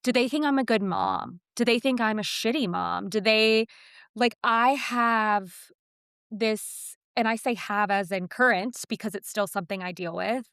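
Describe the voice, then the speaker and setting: A woman's voice: on the high side, measured pace, clear, resonant tone, no echo. Candid woman in her thirties, dry close mic. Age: 30s. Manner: candid, self-deprecating, animated when quoting herself. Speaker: podcast co-host. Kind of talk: casual chat.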